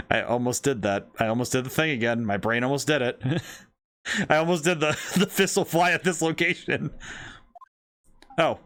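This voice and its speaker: A young man commentating casually on a game he is streaming, excitable and quick to laugh as he reads the text aloud. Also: mid-range voice. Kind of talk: casual let's-play commentary.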